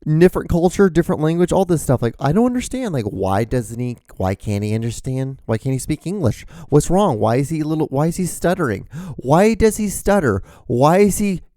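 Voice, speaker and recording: A man in his thirties hosting his own show, rambling excitably in a casual, profane monologue. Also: fairly high pitch, fairly quick, no room sound, studio quality. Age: 30s. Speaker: show host.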